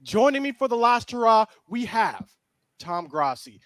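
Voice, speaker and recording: High-voiced upbeat man hosting. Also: very animated, unhurried, a bit bright, no room sound. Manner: upbeat, announcer-like introductions. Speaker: host. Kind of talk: casual sports podcast chat.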